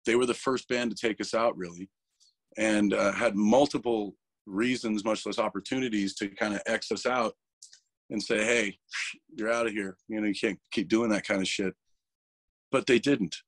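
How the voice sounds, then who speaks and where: A man's voice: fairly low pitch, steady tone, normal speed, no echo. A man speaking as an interview guest, talking candidly and emotionally, swearing freely and restarting his words. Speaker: interview guest, metal vocalist.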